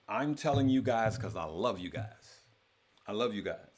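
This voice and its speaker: A man's voice: on the low side, animated, normal speed. A man hosting a trading course, talking casually to his members and repeating phrases for emphasis.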